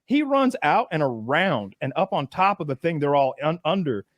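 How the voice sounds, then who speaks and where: A man's voice: a little high, lively intonation, moderate pace, dry recording. A man on a casual podcast, telling a story with acted-out quotes and a lot of swearing. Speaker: podcast co-host.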